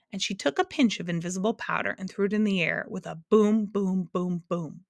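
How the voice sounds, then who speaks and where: A woman teacher reading a children's novel aloud in a steady, expressive manner. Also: medium pitch, a little fast, few pauses, dry recording, clean studio sound.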